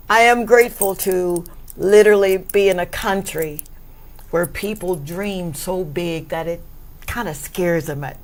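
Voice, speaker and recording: A woman hosting a talk show, effusive and grateful, laughing often and breaking into high exclamations. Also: fairly bright tone. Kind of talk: warm talk show interview.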